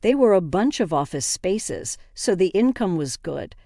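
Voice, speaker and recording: A woman's voice: lowish voice, very animated, unhurried, mellow, no echo, clean studio sound. A woman narrating a first-person story in a conversational, indignant way.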